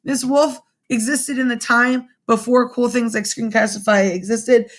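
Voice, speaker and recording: A young woman teaching a remote class from home through her computer's webcam, in a lively manner, often checking in with her students with "right?". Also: a little high, a little slow. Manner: animated, addresses students directly with frequent "right?". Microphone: computer webcam mic.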